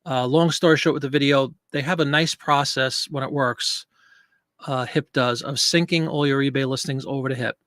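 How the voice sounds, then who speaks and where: A man's voice: medium pitch, steady tone, normal speed, a bit bright, no echo. A man hosting a casual live stream from a home studio, chatty and jokey, greeting viewers by name. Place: home studio with green screen. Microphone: desk microphone.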